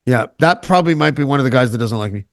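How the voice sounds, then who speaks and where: Canadian man guest, casual self-deprecating chatter, medium pitch, dry recording. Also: animated, rapid-fire, dry recording. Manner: joking, self-deprecating, rambling with restarts. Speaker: podcast guest. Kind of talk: casual chat.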